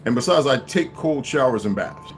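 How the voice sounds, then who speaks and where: A man's voice: mid-range voice, lively intonation, normal speed, over music. A man in his fifties giving a blunt, profane, rambling livestream monologue, often repeating words and restarting sentences. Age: 50s. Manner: profane, blunt, stream-of-consciousness.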